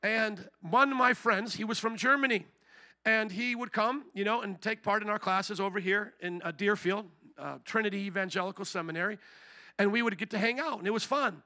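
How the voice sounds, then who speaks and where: A man preaching a sermon as pastor, animated and acting out the voices he quotes. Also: high voice, a little fast.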